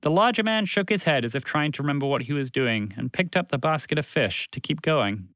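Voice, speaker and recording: Male storyteller, lively, higher voice, dry close recording. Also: fairly quick, no room sound. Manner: animated, expressive reading. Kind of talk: scripted children's story narration.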